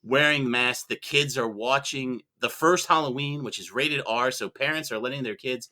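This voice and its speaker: A man's voice: mid-range voice, normal speed, bright, forceful tone. A man arguing as a mock prosecutor on a movie podcast, sarcastic and full of rhetorical questions. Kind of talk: comedic mock-trial argument.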